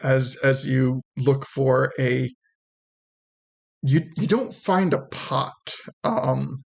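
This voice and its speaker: A man running a tabletop role-playing game as game master, describing scenes in a hesitant, halting way with many restarts. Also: mid-range voice, gravelly, a little mellow.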